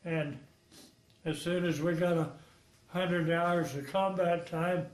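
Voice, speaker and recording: A man's voice: on the high side, fairly even intonation, takes it slowly, reverberant. A man in his nineties, a World War II veteran from Texas, telling frank, rambling stories in an oral history interview. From Texas, United States. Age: 90s. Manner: rambling, frank storytelling with chuckles.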